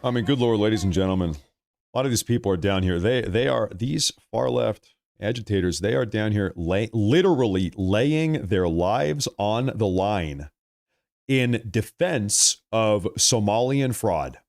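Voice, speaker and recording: A man's voice: fairly low pitch, expressive, a little slow, creaky, a little mellow, no echo, studio quality, a faint crowd. A man hosting live political commentary on a stream, emphatic and repeating lines for effect, calling his viewers folks. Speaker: livestream political commentary host.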